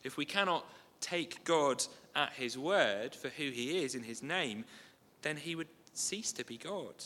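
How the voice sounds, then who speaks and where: A man preaching a sermon in a conversational way, with asides and gentle humour. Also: on the high side, lively intonation, unhurried. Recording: long hall reverb.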